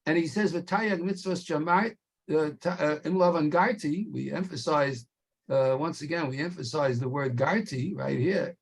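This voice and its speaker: A man teaching a Torah class, explaining slowly and stretching key words for emphasis. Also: fairly high pitch, gravelly, slightly rough.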